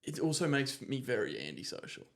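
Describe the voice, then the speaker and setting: Male podcast host, animated pitch, thoughtful, hunts for words mid-sentence. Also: fairly quick, gravelly. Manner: reflective, often searching for words. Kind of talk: casual conversation.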